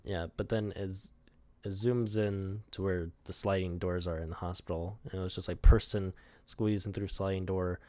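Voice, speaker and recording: A man's voice: sits low, fairly even intonation, normal speed, a little mellow, dry recording. A young man casually talking through his own storyboards, rambling, laughing often and swearing, with lots of "like" in his speech.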